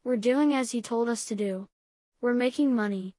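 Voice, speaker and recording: A woman voicing an eager young boy, speaking earnestly, in a higher voice and a dry recording. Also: moderate pace, dark tone, no echo, lightly acted.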